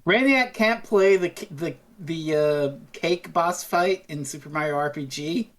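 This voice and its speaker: A woman's voice: sits low, unhurried. A woman co-hosting a podcast, recapping an episode in a playful, giggly way and acting out the characters' lines. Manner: playful and giggly, acting out scenes in quoted voices. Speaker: podcast co-host. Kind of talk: casual chat, recapping an episode.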